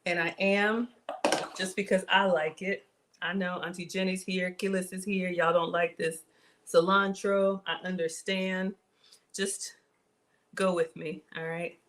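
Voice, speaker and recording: A woman hosting a casual live cooking stream from her kitchen, chatty and excitable, talking straight to her viewers as she cooks. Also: fairly low pitch, measured pace. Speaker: cooking livestream host. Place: home kitchen.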